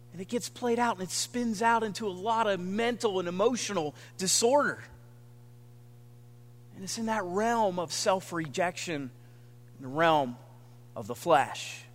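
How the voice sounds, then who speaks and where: A man preaching a sermon with earnest, dramatic pauses, sometimes dropping almost to a whisper. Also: sits high, fairly bright tone, in a large hall. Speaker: pastor.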